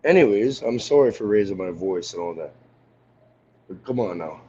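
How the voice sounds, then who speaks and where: A man's voice: on the low side, animated, normal speed, dark tone, slight background noise. Angry guy ranting on stream, swears a lot, kinda muffled audio. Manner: heated, profane, confrontational. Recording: dull lo-fi audio.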